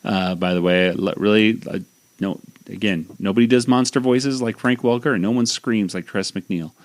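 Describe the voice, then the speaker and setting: Recapping a cartoon episode on his podcast, this male host talks at a moderate pace in a lowish voice, and the recording is very noisy. His casual summary rambles with many fillers and restarts.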